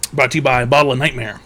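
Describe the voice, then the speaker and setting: A man's voice: medium pitch, sharp tone. A man hosting a livestream advice show, mocking his chat in a crude, rambling comedic rant.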